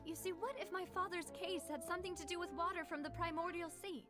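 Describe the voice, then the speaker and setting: A woman's voice: extremely high pitch, fairly even intonation, fast. An actress playing a confident young woman working through a case in a game, explaining earnestly. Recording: game audio with cello music behind.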